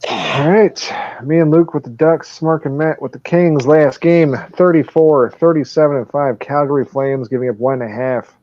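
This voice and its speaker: A man's voice: fairly high pitch, normal speed, mellow, no echo, muffled recording. A man hosting a casual sports betting podcast, swearing and laughing as he runs through picks. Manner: profane, laughing, loose. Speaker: podcast host.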